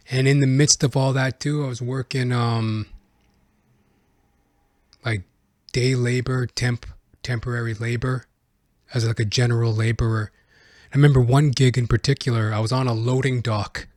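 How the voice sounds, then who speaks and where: A man's voice: medium pitch, a little mellow, no echo, studio quality. A man hosting his own podcast, telling stories in a casual solo monologue, profane and rambling. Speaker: podcast host.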